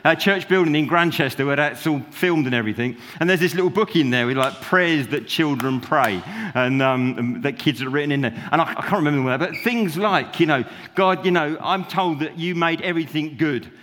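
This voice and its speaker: A man's voice: a little high, animated, brisk, fairly bright tone, long reverb tail, slight background noise. A man preaching an informal sermon, chatty and rambling, full of fillers, restarts and little laughs.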